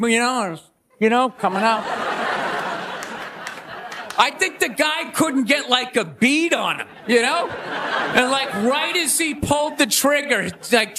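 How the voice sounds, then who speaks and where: Middle-aged Boston stand-up, shouty mocking ranter, live room with crowd and noise. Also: male voice, very high voice. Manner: animated, shouting, mocking impressions. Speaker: stand-up comedian. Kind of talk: stand-up comedy rant. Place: comedy stage before a live audience. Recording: live stage with crowd laughter.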